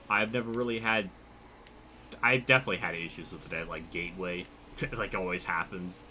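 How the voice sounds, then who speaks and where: A man's voice: fairly low pitch, sharp tone, slight background noise. A man streaming a racing game, chatting loosely and rambling, often laughing at his own jokes. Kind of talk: casual live-stream commentary.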